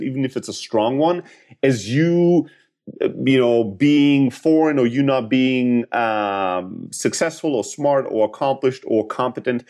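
A man's voice: medium pitch, a little mellow. A man giving sales advice as a podcast guest, explaining things step by step and checking in with little tag questions. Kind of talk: casual advice in a podcast interview.

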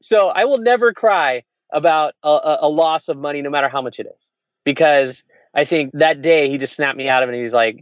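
A man's voice: a little high, fairly quick, no echo. A man, an entrepreneur, telling a personal story in casual conversation, rambling and candid. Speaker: entrepreneur sharing stories. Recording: dull, lo-fi sound.

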